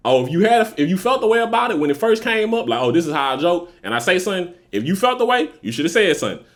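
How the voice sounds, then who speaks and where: Fast-talking, slangy young man. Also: a little high, lively intonation. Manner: loose, profane slang-heavy talk, acts out quoted voices. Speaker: podcast co-host. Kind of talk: casual podcast chat.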